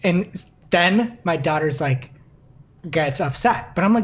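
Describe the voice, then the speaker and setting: A man in his thirties, co-host of a podcast, telling an animated, self-mocking anecdote in casual chat. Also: a little high, measured pace.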